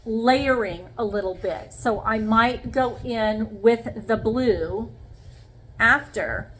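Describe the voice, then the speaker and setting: A woman's voice: on the high side, slow pace, fairly bright tone, low-quality recording. A woman demonstrating sponge painting in a casual craft vlog, talking viewers through each step and checking in with them often. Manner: chatty, talks viewers through each step with frequent "okay?". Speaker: craft vlogger.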